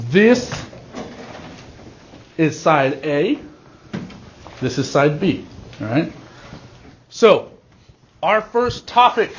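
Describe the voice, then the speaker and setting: Male teacher, high voice, firm instructions, stretched key words, dull classroom recording. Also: slight background noise.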